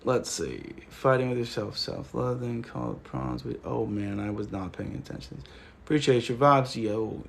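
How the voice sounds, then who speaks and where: A man chats loosely with viewers on a livestream, joking and wandering off into stories. His voice is mid-pitched with a gravelly, creaky edge. A faint hiss sits under the recording. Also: moderate pace. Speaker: livestream host. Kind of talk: casual livestream chat with viewers.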